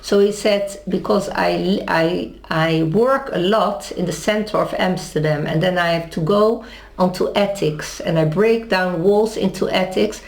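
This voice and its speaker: A woman's voice: fairly low pitch, measured pace, gravelly. A woman, interviewed in a casual conversation, telling a story with many restarts and acted-out dialogue. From Netherlands. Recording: echoey room.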